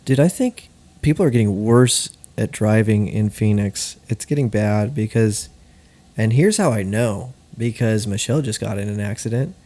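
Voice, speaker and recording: A young man co-hosting a podcast in casual chat, animated and prone to high-pitched outbursts. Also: moderate pace. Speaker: podcast co-host.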